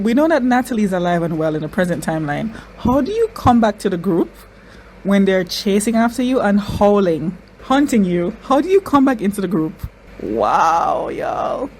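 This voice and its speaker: A woman hosting a reaction video, talking excitedly and repeating her exclamations, tearful at times. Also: mid-range voice, fairly quick, slight background noise, rough recording. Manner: exclaiming, repeats phrases, says y'all. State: crying.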